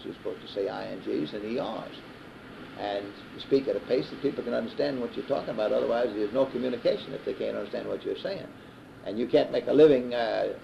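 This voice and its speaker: A man in his fifties with a Southern US accent, a sports broadcaster telling stories in an unhurried interview with many pauses and restarts. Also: fairly low pitch, creaky, warm tone, slight background noise. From American South. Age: 50s. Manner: unhurried storyteller with frequent "uh" restarts. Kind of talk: reminiscing interview. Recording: dull 1960s reel-to-reel tape.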